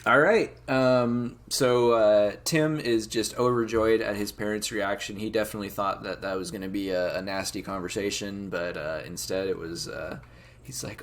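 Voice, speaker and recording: A man's voice: lowish voice, fairly even intonation, moderate pace, a little hiss or hum. A man narrating a tabletop game as game master, talking casually with lots of fillers. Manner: casual, rambling with many fillers.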